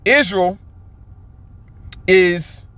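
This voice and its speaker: Emphatic man teaching scripture, bright tone. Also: high-pitched, dry recording. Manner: emphatic, repeats "okay?" often; reads scripture aloud slowly and stretched out. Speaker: Bible teacher.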